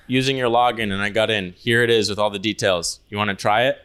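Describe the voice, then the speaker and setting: A man co-hosts a laid-back podcast and rambles through his stories in a casual chat. He leans on "like" and drops swear words freely. His voice sits at an ordinary middle pitch. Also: steady tone, a little fast, fairly bright tone, clear, resonant tone. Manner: loose, swearing storyteller, heavy use of "like". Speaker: podcast co-host.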